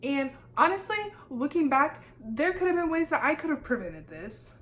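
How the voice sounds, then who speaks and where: Animated young woman telling a storytime. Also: high-pitched, normal speed, a little hiss or hum. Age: young adult. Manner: animated, swears freely, acts out quoted dialogue. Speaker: YouTuber. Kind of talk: casual storytime.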